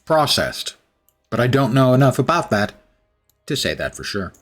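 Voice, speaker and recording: A man's voice: mid-range voice, very animated, moderate pace, fairly bright tone, soft background music. A man streaming a game, thinking aloud in a casual, musing way. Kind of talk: casual gameplay commentary.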